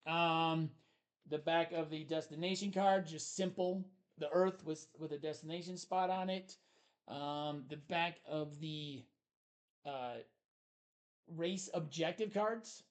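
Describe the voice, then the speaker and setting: A man's voice: fairly high pitch, slow. Enthusiastic man reviewing a board game. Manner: enthusiastic, rambling with fillers. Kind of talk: casual review chat.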